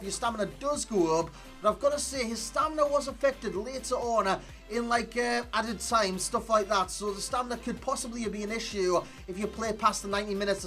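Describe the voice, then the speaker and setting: A man's voice: very high voice, pushed and bright. A man with a Geordie accent giving a casual, rambling gameplay review, repeating phrases and joking at his own slips. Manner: chatty and rambling, repeats phrases, jokes at himself. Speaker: video game player reviewer. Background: faint background music.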